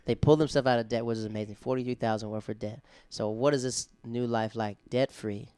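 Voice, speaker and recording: A man's voice: medium pitch, fast, smooth, no echo. A man with a Southern American accent hosting a casual chat, telling stories and acting out quotes. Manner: animated storyteller, acts out quotes. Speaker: podcast host, comedian.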